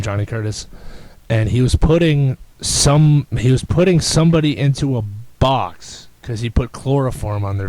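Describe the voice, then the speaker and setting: A man hosting a podcast in casual chat, rambling and excitable with frequent restarts. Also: mid-range voice, dry recording, poor audio. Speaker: podcast host.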